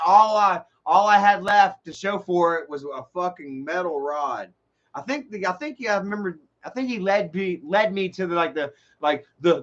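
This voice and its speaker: A man tells rambling, profane stories on his livestream. His voice sits high, and it comes through dull lo-fi stream audio. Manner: rambling, profane, animated storytelling. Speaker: livestream host. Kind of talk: casual storytelling on a livestream.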